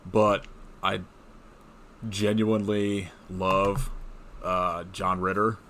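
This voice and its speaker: A man's voice: low voice, little pitch movement, extremely slow, a bit bright, slight background noise. A man co-hosting a podcast in casual chat, rambling, swearing freely and laughing often. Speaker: podcast co-host.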